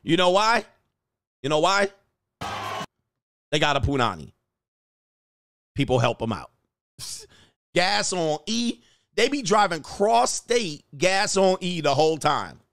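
A man giving a loud, slangy, animated comic rant while reacting to a video clip, laughing as he goes. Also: sits high, takes it slowly, gravelly, pauses often, no echo. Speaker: comedy commentator reacting to a clip.

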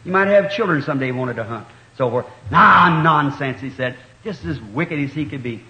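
A man's voice: mid-range voice, expressive, brisk. A middle-aged man, preaching a sermon and telling a hunting story in a folksy way, acting out the dialogue. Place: church hall. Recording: dull echoey old church tape.

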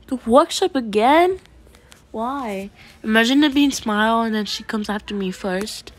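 A woman giving casual gameplay commentary as a video creator, chatty and prone to excited yelling at the game. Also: on the high side, measured pace.

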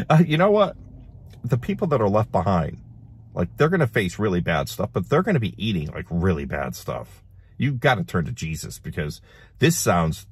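A middle-aged man hosting a casual commentary show, reading headlines aloud and adding animated, laughing remarks. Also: fairly low pitch, slightly rough. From United States. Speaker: host.

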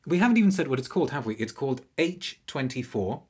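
A man hosting an unscripted live review, chatty and animated, with frequent restarts. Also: mid-range voice, fast, slightly rough. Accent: non-French, anglicised French pronunciation.

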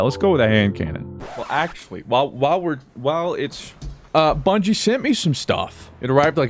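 Young American man, streamer type, playful commentary; lively swooping pitch, faint music under him. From United States. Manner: playful, swings from mumbled asides to loud whoops. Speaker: gaming video creator. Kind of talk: casual gameplay commentary.

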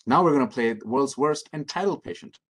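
A middle-aged man leading an interactive training workshop, speaking calmly and encouragingly as he reads out answers from the audience. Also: mid-range voice, fairly quick, husky. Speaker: workshop presenter.

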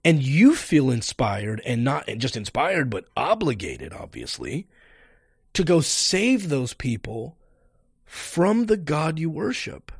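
A man hosting a podcast, arguing his points in an animated, emphatic debate interview. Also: on the high side, slow, slightly rough, no room sound, clean studio sound. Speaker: podcast host.

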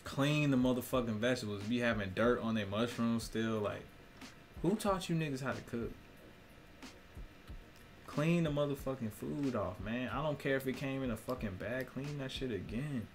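A man's voice: medium pitch, brisk, few pauses, a little hiss or hum. A young man, a musician, rambling in a casual monologue, full of cursing, slang and laughter. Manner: profane, laughing, slangy storytelling.

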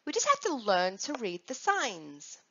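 With huge pitch swings and a measured pace, a woman coaxes answers from young children in a playful, sing-song lesson about staying safe around dogs. Her voice is on the high side, sharp in tone and husky, and the recording is dull and lo-fi.

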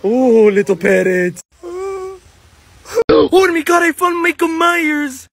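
A young man in comedic skits, playful and goofy, often yelling. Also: very high-pitched, lively intonation, slow pace, creaky. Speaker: comedy skit creator. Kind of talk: comedic skits and vlog clips.

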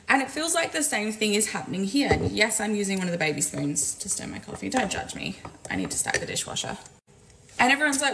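A woman's voice: mid-range voice, sing-song, fast talker, creaky, a bit bright, a little hiss or hum, poor audio. Frank, swearing woman ranting to camera. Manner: frank, profane, exasperated, chatty. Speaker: business coach and community owner. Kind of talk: casual vlog rant to camera. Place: home kitchen, making coffee.

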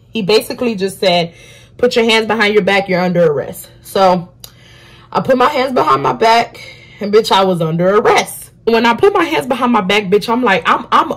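A young woman telling a profane, animated storytime in casual vlog style, acting out the people in it. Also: mid-range voice, slightly rough. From African family. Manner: animated, profane, acts out quotes loudly. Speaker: beauty vlogger.

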